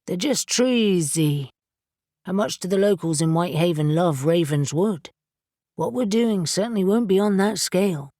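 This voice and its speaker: A woman voicing a composed, reassuring young winged man in an audiobook, speaking in a steady, matter-of-fact way. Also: lowish voice, normal speed, dry recording, clean studio sound, close to an everyday voice.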